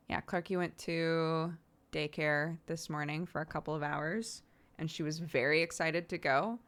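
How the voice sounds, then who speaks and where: A woman's voice: deep voice, takes it slowly, long pauses, a bit bright. A woman streaming from home, chatting casually with lots of "like" fillers and frequent laughs. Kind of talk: casual chat.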